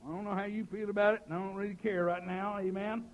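A man preaching a fiery revival sermon, shouting some passages and dropping to a hush on others, peppering his talk with "amen.". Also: high voice, flat delivery, quick pace, lo-fi sound, slight background noise. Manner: shouting preaching, swinging from loud to hushed; folksy, sprinkled with "amen".

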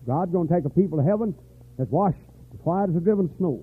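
An older man preaching a revival sermon, dropping to weary low talk and rising to shouted, high-pitched fervor. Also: quick pace, slightly rough. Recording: tinny lo-fi church recording.

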